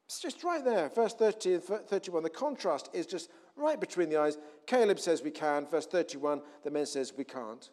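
A man preaching a sermon, telling a scripture story with animated acted-out voices. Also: on the high side, moderate pace, few pauses. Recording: long hall reverb.

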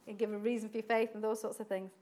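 A woman preaching a sermon in an animated way, acting out quoted voices and laughing often. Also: medium pitch, very fast.

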